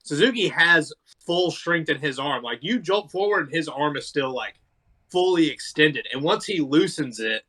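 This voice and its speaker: A man co-hosting a podcast, chatting casually about a wrestling match, relaxed and full of fillers and swearing. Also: on the high side, normal speed. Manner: laid-back, swears freely, lots of likes and ums. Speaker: podcast co-host.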